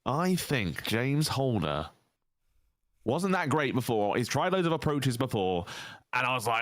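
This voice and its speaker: A British man co-hosting a casual chat show, talking in an animated way, swearing and laughing often. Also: mid-range voice, normal speed, dry recording, studio quality. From Britain. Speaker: co-host.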